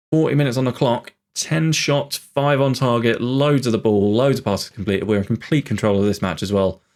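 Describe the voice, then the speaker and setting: A young man thinking aloud and commentating live on his own game, chatty and bursting into excitement at goals. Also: mid-range voice. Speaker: gaming channel host.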